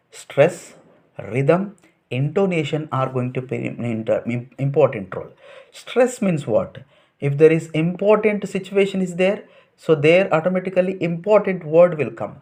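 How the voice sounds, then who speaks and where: Indian-accented man lecturing, higher voice. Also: darkish tone. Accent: Indian English. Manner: repetitive, list-like explaining with rhetorical questions. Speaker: teacher educator. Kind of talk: lecture to trainee teachers.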